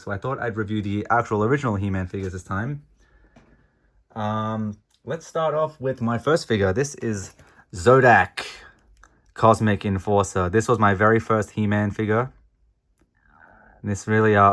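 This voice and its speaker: A young man in his twenties giving a comedic toy review, telling absurd stories deadpan and swearing. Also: on the low side.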